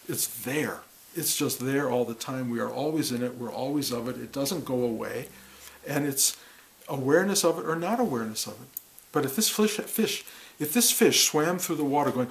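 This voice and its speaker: A middle-aged man teaching about awakening in a musing, reflective way, repeating words and breaking into animated bursts. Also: mid-range voice, moderate pace, rough recording. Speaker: spiritual teacher. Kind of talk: reflective spiritual talk.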